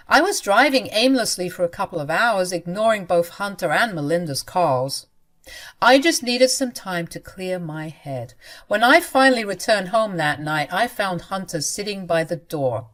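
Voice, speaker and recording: A woman narrating a first-person story in an earnest, expressive way. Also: lowish voice, normal speed.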